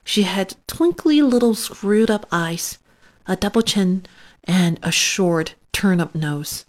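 Slow, expressive woman storyteller. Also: medium pitch. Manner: slow, expressive read-aloud. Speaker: narrator. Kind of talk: storybook reading.

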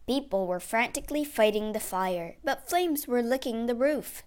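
A woman reading a children's storybook aloud, clear and expressive. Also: fairly high pitch, normal speed.

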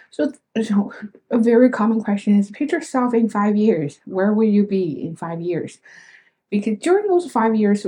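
A young woman hosts her own casual solo podcast, speaking earnestly and reflectively, directly to her listeners. Her voice is low and mellow, though the audio quality is poor.

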